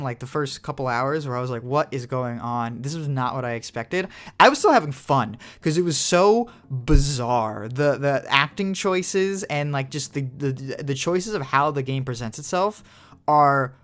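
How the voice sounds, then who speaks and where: A man's voice: medium pitch, a bit bright. A young man co-hosting a podcast, rambling in casual chat with lots of "like" fillers and casual swearing. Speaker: podcast co-host.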